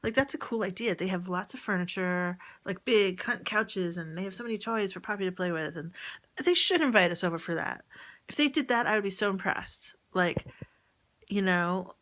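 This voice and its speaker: A woman rambling and venting in a personal audio diary, often halting and trailing off mid-thought. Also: medium pitch, expressive, fairly bright tone. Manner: venting about a relative.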